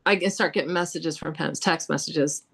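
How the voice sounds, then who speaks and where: A woman telling ghost stories as a podcast guest, animated and chatty, acting out quotes with frequent laughs. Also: sits low, a little fast, gravelly, breathy edge. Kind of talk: casual storytelling about hauntings.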